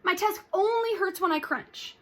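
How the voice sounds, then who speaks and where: A woman's voice: normal speed, a bit bright, slight background noise. A woman voicing a whiny, stubborn young male walrus in a storybook read-aloud. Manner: high, whining child voice.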